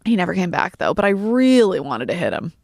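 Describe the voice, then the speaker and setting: A woman comedian chatting as a podcast guest, telling an animated, profane story. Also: on the low side, fairly quick, creaky, dry recording, clean studio sound. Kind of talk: casual podcast chat.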